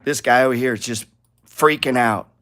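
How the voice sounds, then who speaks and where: A man's voice: medium pitch, normal speed, fairly bright tone. A man teaching a live trading lesson over charts, blunt and profane, firing off rhetorical questions.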